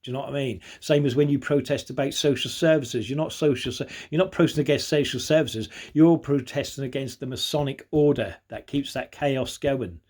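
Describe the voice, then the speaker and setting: A man's voice: mid-range voice, brisk, few pauses, a little mellow. A man, talking to camera in a rambling, conspiratorial way as he reads out a list and keeps checking that the listener follows. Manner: conspiratorial, repeats "do you know what I mean". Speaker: vlogger. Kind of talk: rambling monologue reading out a list.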